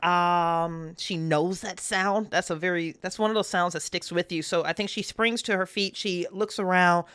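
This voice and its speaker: A woman playing an improvised tabletop game, bantering quickly and describing her character's actions. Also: fairly low pitch, fairly even intonation, fairly bright tone, smooth. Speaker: player.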